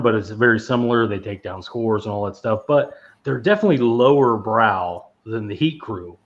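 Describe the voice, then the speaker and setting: On a casual movie podcast, a male co-host with a fairly low voice rambles through reviews, swearing freely and laughing often. The recording sounds muffled.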